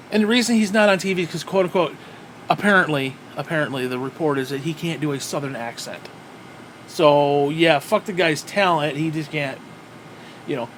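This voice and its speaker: A man's voice: on the high side, fairly bright tone, a little hiss or hum. A man giving a profane, exasperated solo rant as a wrestling reviewer, sighing often. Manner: profane, exasperated ranting with sighs. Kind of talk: ranting solo commentary.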